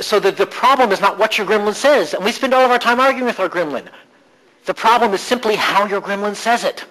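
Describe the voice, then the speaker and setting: A man presenting a live workshop at a conference, animated and coaching the room, dropping suddenly into slow, low voices to demonstrate. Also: low-quality recording. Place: conference hall.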